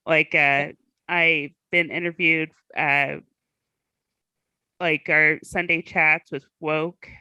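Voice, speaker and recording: Slow, hesitant woman, dry close sound. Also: sits low, level tone, pushed and bright, smooth, dry recording. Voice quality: slight speech impediment. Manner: hesitant, many pauses and fillers. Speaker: guest. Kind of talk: casual group chat.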